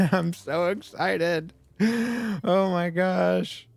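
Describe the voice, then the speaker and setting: A man giving casual let's play commentary on a game he is playing, excitable, laughing often, swearing and yelling at the screen. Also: on the high side, a little slow. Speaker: gaming video creator.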